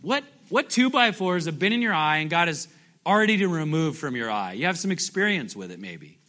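Here a pastor speaks briskly in a pushed, bright, fairly high voice with big swings in pitch. His sermon is conversational and jokey, full of questions for the congregation and playful reenactments of scripture.

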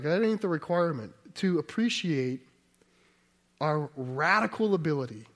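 High-voiced man preaching a sermon. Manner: conversational, asks the audience rhetorical questions; restarts and self-corrections mid-sentence.

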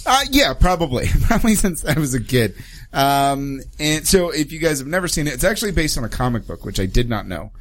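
A man's voice: fairly high pitch, very animated, brisk. A man co-hosting a radio talk show, reviewing a film in a loose, rambling way. He leans on fillers and breaks into small laughs. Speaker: podcast co-host. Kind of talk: casual chat and film review.

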